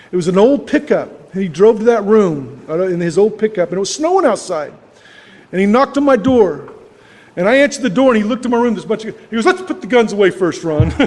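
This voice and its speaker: A man's voice: high voice, darkish tone, big-room sound. An older man telling his personal story to a recovery meeting, plainspoken and rambling, with lots of fillers. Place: club meeting hall.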